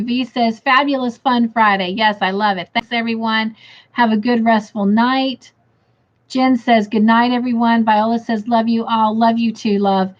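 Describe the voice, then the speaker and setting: Woman livestream host, tired and in pain, reads out comments; dull lo-fi sound. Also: on the high side. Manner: chatty, reads viewer comments aloud. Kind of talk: casual livestream chat. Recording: dull lo-fi stream audio.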